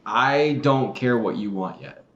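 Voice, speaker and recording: A man's voice: medium pitch, a little slow, fairly bright tone. A man co-hosting a casual chat, blunt and matter-of-fact in his remarks. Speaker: podcast co-host. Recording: dull, roomy sound.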